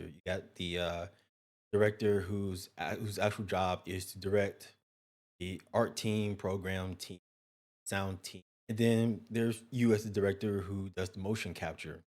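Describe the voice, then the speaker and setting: A man's voice: deep voice, darkish tone. A man hosting an interview, asking long, loosely phrased questions. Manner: asks long, restarting questions.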